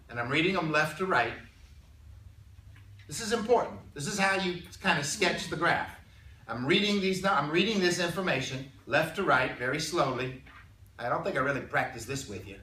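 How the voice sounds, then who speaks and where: A man teaching a calculus class, chatty and stumbling over repeated words, clearing his throat now and then. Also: on the high side, expressive, moderate pace, sharp tone. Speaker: math teacher. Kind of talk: classroom lecture. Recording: echoey room, mic far off.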